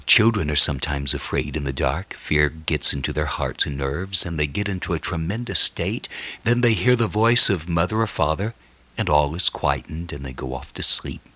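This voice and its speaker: A man's voice: a bass voice, sharp tone, husky, no echo. A man preaching a sermon and praying, with an earnest, prayerful delivery.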